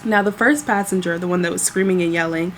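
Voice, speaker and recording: A woman's voice: on the low side, fast, slight background noise. A woman flight attendant casually telling a story about her workday to her viewers, chatty and exasperated. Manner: chatty, exasperated, animated retelling.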